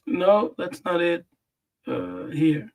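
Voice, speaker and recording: Slow, deliberate male Bible teacher. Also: high-pitched. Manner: slow, deliberate, repeats words for emphasis. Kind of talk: live-streamed scripture lesson.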